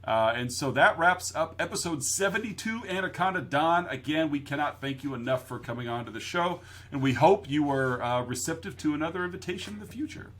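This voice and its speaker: Man, podcast co-host, casual chat, giggly, bright tone, husky. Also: fairly high pitch, lively intonation, brisk, few pauses. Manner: laughs often, quotes movies.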